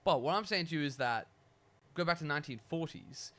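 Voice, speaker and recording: A man with a slightly raised pitch, chatting casually on a podcast. He muses aloud, asks questions and readily agrees with his co-host. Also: lively intonation, fairly quick, fairly bright tone. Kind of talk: casual chat.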